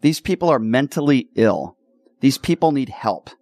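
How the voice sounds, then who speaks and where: A talk radio host delivers opinionated, indignant commentary in a very animated mid-range voice with a darkish tone, at a moderate pace. He stumbles over repeated words as he gets worked up, and the recording is dry and studio quality.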